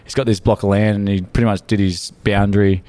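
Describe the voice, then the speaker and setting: A man's voice: lowish voice, little pitch movement, quick pace, darkish tone, smooth, no echo. A young Australian man, a podcast co-host, telling a crude story in a casual chat and acting out the dialogue. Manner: crude, laid-back storyteller, acts out dialogue.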